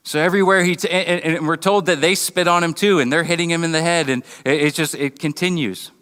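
A man preaching a sermon, earnest and halting, often restarting his words and briefly acting out mocking voices. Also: a little high, steady tone, fairly bright tone, clear, resonant tone, big-room sound. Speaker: pastor. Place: church building.

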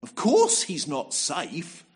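A man's voice: fairly high pitch, huge pitch swings, slow, husky, voice pushed up, exaggerated voice. A man voicing a solemn male beaver in a storybook quote, speaking emphatically about a lion king. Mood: emphatic.

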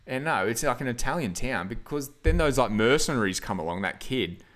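A man's voice: mid-range voice, lively intonation, fairly quick, a bit bright. A man hosting a casual film review podcast, rambling with lots of fillers and frequent laughs. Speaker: podcast host.

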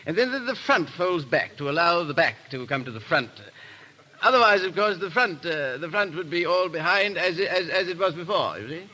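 A man's voice: a little high, lively intonation, normal speed, pushed and bright, a little hiss or hum. An actor playing a vain, foppish nobleman with a languid, stammering drawl in a 1930s radio drama. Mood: foppish, playful.

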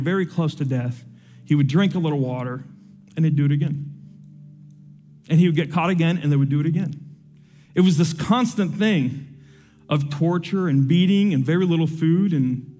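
A young man preaching to his congregation, his voice mellow and set a touch high for a man. He tells a story with lively swings in energy, then drops low and soft to pray. A faint musical instrument plays underneath. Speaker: pastor. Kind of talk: sermon with personal story and prayer.

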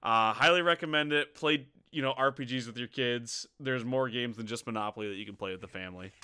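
A man hosting a podcast in a bright, clean, crisp voice, recorded dry and close with no room around him. He chats casually, pokes fun at himself and rattles through plugs and thank-yous. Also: medium pitch, a little fast, no echo. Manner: joking, self-mocking, reads plugs from bullet points. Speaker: podcast host.

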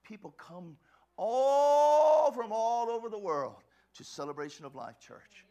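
A male pastor preaching a sermon, swinging from hushed, quiet lines to fervent shouts, often repeating words and restarting sentences. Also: extremely high pitch, expressive, unhurried.

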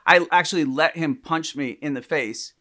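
A man telling a story in casual chat, animated, acting out the people he quotes. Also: a little high, normal speed.

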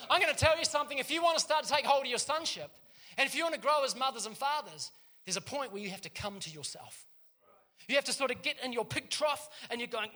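High, bright-voiced New preacher. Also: male voice, fast. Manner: lively storytelling with joking asides to the congregation. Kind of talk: sermon.

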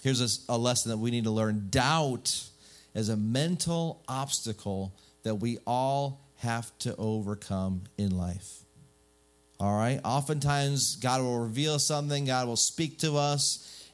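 Lively joking male pastor preaching. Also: medium pitch, a little slow. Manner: lively, joking, rhetorical questions. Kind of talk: sermon.

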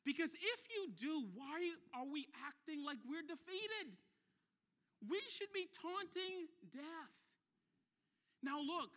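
Animated high-voiced man preaching. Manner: animated, playful asides, repeats words for emphasis. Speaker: pastor. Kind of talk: sermon.

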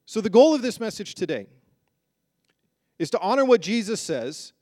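A man's voice: high-pitched, sing-song, normal speed, mellow, no echo, clean studio sound. A man preaching a sermon as pastor to a congregation, emphatic and full of rhetorical questions. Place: church hall with a congregation.

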